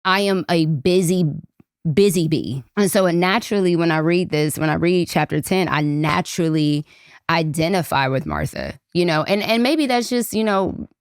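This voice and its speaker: A woman's voice: lowish voice, expressive, normal speed, clean tone, no room sound, clean studio sound. A woman in her thirties hosting a podcast, talking through a Bible passage in a chatty way, often repeating and restarting her phrases. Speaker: podcast host. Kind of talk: personal Bible reflection.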